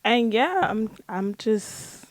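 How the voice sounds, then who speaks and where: Modest, soft-spoken woman podcast guest. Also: a little high, animated, slow, no room sound. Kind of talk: faith podcast conversation.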